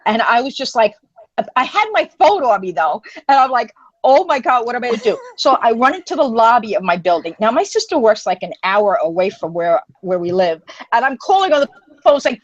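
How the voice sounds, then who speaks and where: A woman co-hosting a live online community stream, telling a story in a rambling, animated way with lots of fillers and restarts. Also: brisk, highs cut off. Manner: animated, acts out quoted voices in a higher pitch. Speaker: co-host of an online women's livestream community. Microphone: phone or webcam on a live stream.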